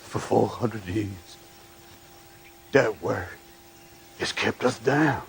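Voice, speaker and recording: A man's voice: fairly low pitch, drawn-out words, creaky, slight background noise, heavily acted. An actor playing a blunt, streetwise older man in a film scene. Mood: stern.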